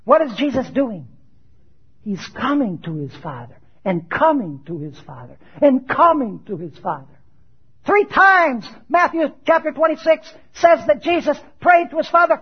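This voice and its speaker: Slow, dramatic high-voiced male preacher. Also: sing-song. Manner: dramatic, rising loud on quoted scripture and dropping low for questions; asks the audience questions and answers them. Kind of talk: sermon. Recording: dull lo-fi sound.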